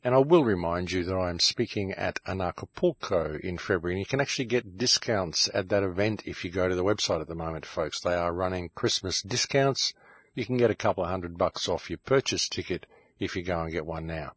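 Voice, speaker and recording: A man's voice: low voice, fairly quick, husky, dry recording. A man hosting his own show, delivering an impassioned, ranting monologue and calling his listeners "folks", recorded in a home shed. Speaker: show host.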